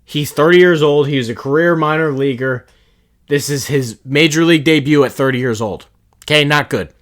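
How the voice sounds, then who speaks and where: A man's voice: a little high, normal speed. A man hosting a solo podcast, ranting bluntly and with profanity in an exasperated, offhand way. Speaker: podcast host.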